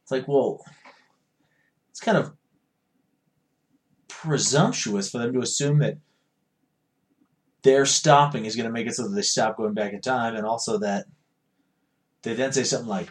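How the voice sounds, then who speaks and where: A man co-hosting a casual podcast, profane and animated, acting out dialogue in quick bursts. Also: medium pitch. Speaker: podcast co-host.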